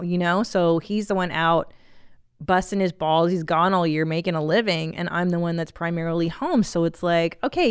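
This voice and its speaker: Woman, middle-aged, podcast host, candid and animated, lowish voice, dry close sound. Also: clean tone, dry recording. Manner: candid, animated, profane, laughs often. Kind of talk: casual podcast chat, reading a listener email.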